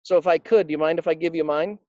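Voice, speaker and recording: A man's voice: fairly high pitch, steady tone, fast talker, mellow, dry recording, lo-fi sound. A man being interviewed about his work coaching financial advisors, telling anecdotes with emphasis and acting out the quotes. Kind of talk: conversational interview storytelling.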